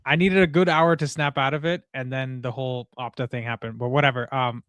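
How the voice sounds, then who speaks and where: A young man hosting a live football call-in show, talking casually and quickly with lots of "bro" and "like", tired from little sleep. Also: medium pitch, clean tone, dry recording. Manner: animated, talks fast, says "bro" and "like" a lot. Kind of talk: casual live-stream chat.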